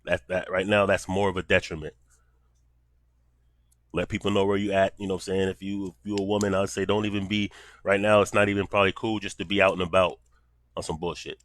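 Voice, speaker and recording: A man's voice: sits low, flat delivery, fast talker, no room sound. A man giving casual commentary in blunt, profane street talk.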